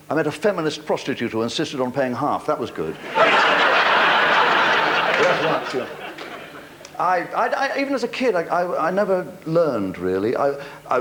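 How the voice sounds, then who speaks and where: An older British man doing stand-up comedy with wry, punchline-driven timing, taking questions from a studio audience. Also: lowish voice. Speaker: comedian host. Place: TV studio before a live audience. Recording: loud studio audience laughter, noisy old tape.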